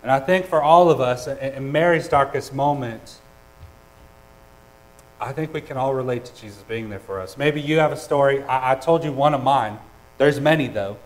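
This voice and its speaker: A man preaching a sermon, earnest and personal, with hesitant restarts and swings between loud and soft. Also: mid-range voice, poor audio. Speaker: pastor.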